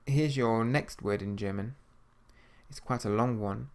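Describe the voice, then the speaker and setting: A man leads a spoken language lesson at an unhurried, deliberate pace. He pronounces each new word with care and repeats it so learners can follow along. His pitch sits in the middle range. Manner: patient, repeats each German word slowly for practice. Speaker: German language teacher.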